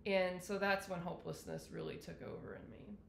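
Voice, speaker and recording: A woman's voice: fairly low pitch, normal speed, gravelly, a little hiss or hum. A woman telling her own illness story in a candid personal monologue, rambling, with many fillers and self-corrections. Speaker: wellness vlogger sharing her illness story. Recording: roomy echo.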